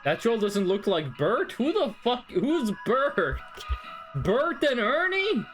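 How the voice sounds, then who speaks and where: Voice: mid-range voice, very animated, takes it slowly, a bit bright, faint music behind. A streamer casually talking through a game at home, thinking aloud and chatting with the audience.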